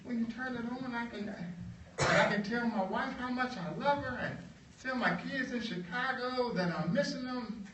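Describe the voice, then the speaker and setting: A man voicing a humble, earnest sharecropper who speaks in a high voice, heard from a distance in an echoey room. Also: normal speed, fairly bright tone, a little hiss or hum. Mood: hopeful.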